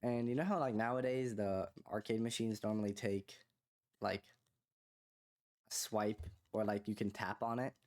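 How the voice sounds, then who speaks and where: A young man co-hosting a podcast, telling a long casual story full of fillers like "like" and "you know", rising in pitch when he quotes other people. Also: normal speed. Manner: rambling, filler-heavy, animated when quoting others. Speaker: podcast co-host.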